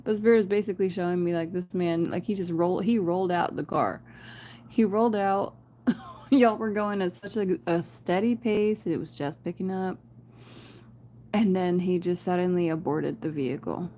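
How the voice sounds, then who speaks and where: A woman's voice: fairly low pitch, steady tone, normal speed, mellow, slight background noise. Chatty woman giving a spiritual reading. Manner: chatty, laughs often, addresses viewers as "you guys" and "y'all". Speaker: tarot reader. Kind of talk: casual spiritual reading to camera.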